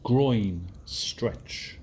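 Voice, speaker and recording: Outdoors at a track, a British-accented man gives a slow spoken vocabulary lesson on running, adding commentary in clear, simple phrases. He's halting and uses many fillers. His voice is lowish and a little mellow, with a bit of hiss or hum in the recording.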